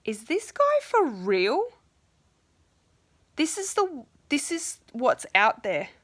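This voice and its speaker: Bright-voiced young woman ranting casually. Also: high voice, big pitch swings, slow, no echo. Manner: frustrated, swears often, quotes others in voices. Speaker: vlogger.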